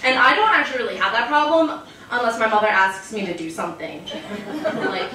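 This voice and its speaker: Deadpan woman doing stand-up in a club. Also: fairly high pitch, quick pace, slight background noise. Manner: deadpan, self-mocking, frequent "um" fillers. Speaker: stand-up comedian. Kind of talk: stand-up routine. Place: comedy club stage. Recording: echoey club recording from far off. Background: audience laughter.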